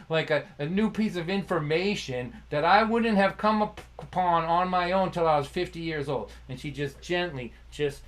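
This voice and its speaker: A man's voice: a little high, fairly bright tone, low-quality recording. A man hosting a livestream concert, telling a heartfelt personal story with laughs and restarts, acting out remembered dialogue. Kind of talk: storytelling monologue. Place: home livestream.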